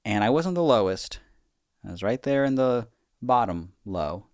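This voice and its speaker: A man's voice: medium pitch, very animated, moderate pace, darkish tone, dry recording, clean studio sound. A man co-hosting a comedy podcast, telling a rambling, profane story full of filler words. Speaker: podcast co-host.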